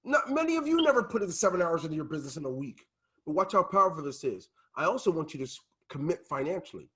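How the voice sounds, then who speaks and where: A man coaching his team on a video call, talking in a passionate, emphatic way that sometimes turns loud. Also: sits high, breathy edge. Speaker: team leader and business coach.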